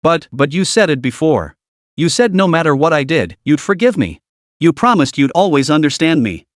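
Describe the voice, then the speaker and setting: A man's voice: on the high side, big pitch swings, normal speed, no echo. Pleading young woman put on by a man, desperate, begging, dry voice.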